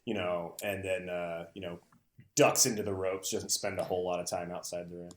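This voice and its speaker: A man's voice: sits low, steady tone, brisk, reverberant. A man player in a tabletop game, rambling and laid-back as he describes his character. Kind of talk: casual tabletop play.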